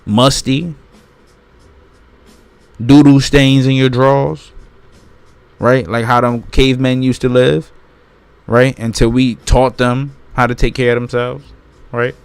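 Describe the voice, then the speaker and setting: A man's voice: mid-range voice, little pitch movement, takes it slowly, gravelly, long pauses, clear, resonant tone, no echo. A man hosting his channel, reading a book aloud and breaking off into casual, emphatic commentary that repeats points and keeps asking his listeners "right?". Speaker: channel host.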